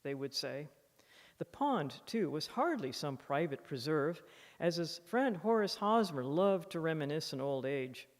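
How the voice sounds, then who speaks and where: A woman author giving a public lecture, reading from her book with expressive, animated emphasis at a podium microphone. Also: deep voice, measured pace. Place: lecture hall in a library museum. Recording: long reverb of a lecture hall.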